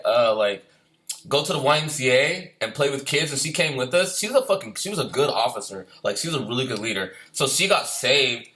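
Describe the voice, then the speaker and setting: Fast, bright-voiced ex-Marine man storyteller. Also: medium pitch. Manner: profane, rambling, repeats himself. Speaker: former Marine recounting deployment. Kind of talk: casual storytelling.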